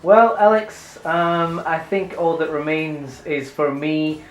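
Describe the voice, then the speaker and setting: A man's voice: fairly high pitch, level tone, slow pace. A man as interviewer in a comic mock interview, teasing in a mock-formal way. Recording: roomy room.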